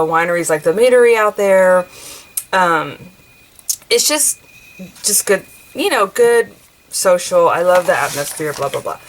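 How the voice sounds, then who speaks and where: A woman's voice: medium pitch, a little hiss or hum, poor audio. A woman in her forties from the United States, chatting casually and rambling while she works on a craft journal. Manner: chatty and rambling, many fillers and restarts. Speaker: craft vlogger.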